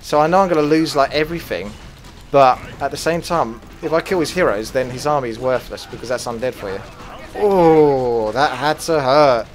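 A man commentating his own strategy game as he plays it, swearing freely and flaring into loud rage before calming down again. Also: medium pitch, moderate pace, soft background music. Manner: swears a lot, flares into loud rage then calms. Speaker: gaming commentator. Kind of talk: gameplay commentary.

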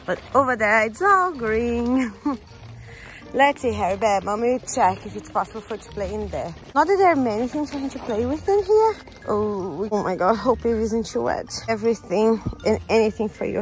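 A woman's voice: mid-range voice, expressive, moderate pace, faint music behind. A woman chatting casually in an outdoor vlog while talking to her baby. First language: Portuguese. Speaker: vlogger. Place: outdoors at a park.

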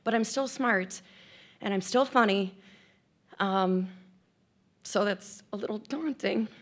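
A woman in her 50s with a mid-range voice speaks slowly at an event. Her personal remarks are candid and self-deprecating, and at times she turns tearful and emotional.

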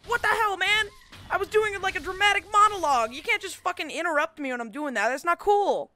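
A woman doing gameplay commentary, swearing freely and slipping into melodramatic mock-heroic monologues with bursts of yelling. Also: very high-pitched, expressive, a little fast, no room sound. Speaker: gamer.

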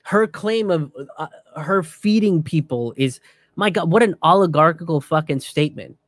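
A man giving a casual, profane commentary rant in an animated way. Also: on the high side, normal speed, no echo, clean studio sound.

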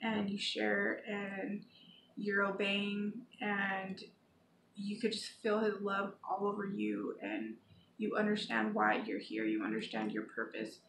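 A woman's voice: mid-range voice, animated, takes it slowly. A woman giving an earnest, pleading devotional talk to her viewers, reading scripture aloud now and then. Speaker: Christian vlogger. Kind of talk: informal spoken devotional. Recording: echoey room with faint background noise.

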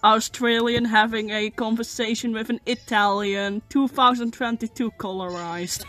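A woman streamer chatting and laughing during a game, swearing and letting out loud exclamations. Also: a little high, fairly even intonation, moderate pace, soft background music. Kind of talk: gaming stream chat.

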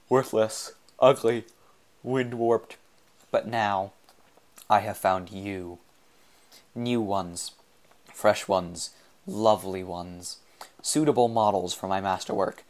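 A mad half-machine sculptor of a man, proud and theatrical, drawing out his words, as a male reader puts him on. The voice sits fairly low. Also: steady tone. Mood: bitter. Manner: grandiose, theatrical, slow and drawn out.

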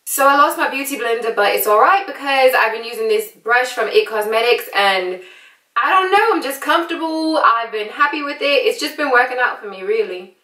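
A woman's voice: a little high, lively intonation, brisk, sharp tone. American woman faking a British accent. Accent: put-on British. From United States. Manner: playful, chatty, laughs often. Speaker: beauty vlogger. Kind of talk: casual makeup tutorial. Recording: echoey room, distant mic.

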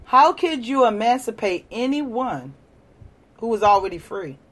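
A woman hosting a livestream, lecturing and challenging viewers in a combative way, moving from shouting to quiet muttering. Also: fairly high pitch, expressive, a little slow. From United States. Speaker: livestream host. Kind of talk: live-stream rant to viewers.

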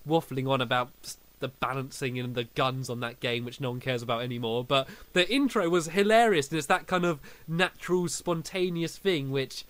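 A man's voice: medium pitch, normal speed, few pauses, a bit bright, no room sound. A young man hosting a casual podcast, telling stories animatedly and laughing often. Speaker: podcast host. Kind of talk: casual chat.

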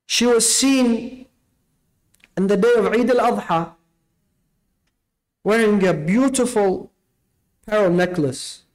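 A man's voice: high-pitched, slow pace, long pauses, low-quality recording. A man preaching a Ramadan night sermon, impassioned and rhetorical, acting out the dialogue in his stories.

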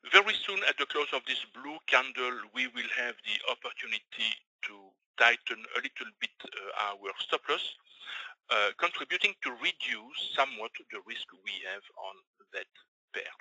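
A man's voice: medium pitch, animated, moderate pace, bright, forceful tone, dry recording, rough recording. A man from Belgium with a Belgian French accent, explaining live trades in a screen-share lesson, with frequent fillers and restarts. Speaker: trading educator.

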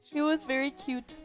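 A young woman livestreamer chatting casually, telling stories with frequent laughter, fillers, and restarts. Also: high voice. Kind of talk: casual chat storytelling.

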